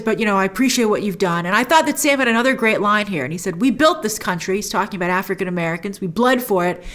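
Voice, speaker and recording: A woman hosting a casual spoken review of a TV episode, acting out characters' lines and adding frequent asides. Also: mid-range voice. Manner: animated, acts out characters' lines in quick voices.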